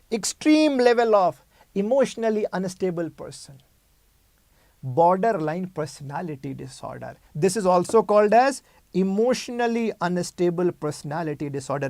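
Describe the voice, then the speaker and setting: A man's voice: high voice, darkish tone, dry recording. A male medical lecturer teaching a clinical case, repeating key terms and asking rhetorical questions.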